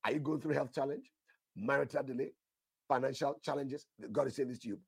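A man's voice: medium pitch, a little fast, gravelly, darkish tone, breathy edge, no echo, clean studio sound. A man preaching a sermon, emphatic, repeating his phrases and asking the listeners questions, with bursts of prayer in tongues.

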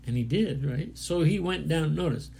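A man delivers a sermon, reading verses and then explaining them in plain, earnest words. His voice sits a little high but is dark and mellow, with a heavy gravelly fry. He often restarts his sentences as he works through each thought. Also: lively intonation, normal speed. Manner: earnest, plainspoken, with frequent restarts and "you know". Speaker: preacher.

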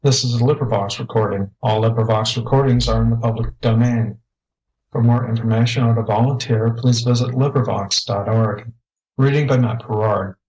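A male volunteer reader introduces a recording and starts a science fiction tale. His voice sits at a middle pitch. He reads in a plain, announcing way. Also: fairly even intonation, normal speed, darkish tone, rough recording. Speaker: audiobook narrator. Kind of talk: scripted narration.

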